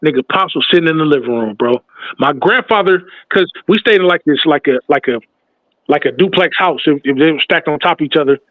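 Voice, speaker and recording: Animated man telling a story, high voice. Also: brisk, dry recording. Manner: animated, acts out other people's voices. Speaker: podcast host. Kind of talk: casual storytelling. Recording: tinny, phone-like sound.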